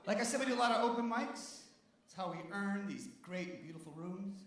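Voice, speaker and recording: A man hosting a comedy show who tells a brisk, deadpan story full of spoken sound effects, on a club stage. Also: high voice. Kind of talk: stand-up set and hosting. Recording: echoey, distant live club recording.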